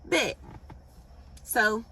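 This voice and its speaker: A young woman with a bright, forceful voice tells a storytime straight to the camera, blunt, profane and animated. She sits a little back from the mic, so her voice sounds slightly distant. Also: extremely slow, slight background noise. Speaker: vlogger. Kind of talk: casual storytime.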